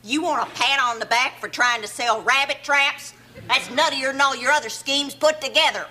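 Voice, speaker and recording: An actress playing a cranky, sharp-tongued elderly mother in a wheelchair, needling and sarcastic by turns. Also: high-pitched, normal speed. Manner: needling, sarcastic, then sugary. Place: TV studio stage with audience. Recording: noisy TV sitcom audio, audience laughing.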